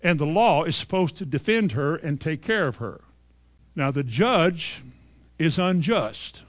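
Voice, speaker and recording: A man's voice: on the high side, animated, measured pace. A man preaching a sermon, retelling Bible stories emphatically and acting out the characters' voices.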